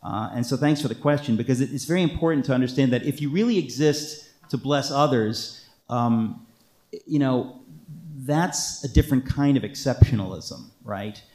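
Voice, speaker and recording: A man's voice: medium pitch, moderate pace, a little mellow, echoey room. A man speaking as an author, answering an audience question in an impassioned, emphatic way, often restarting his sentences. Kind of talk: talk with audience Q&A.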